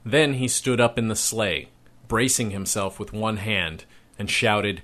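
A man reading his own story aloud in a steady, measured narration. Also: on the low side. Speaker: narrator and author.

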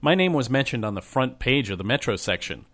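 Casting note: young man reading a first-person memoir, wry, measured, mid-pitched. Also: big pitch swings, a bit bright. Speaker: audiobook narrator.

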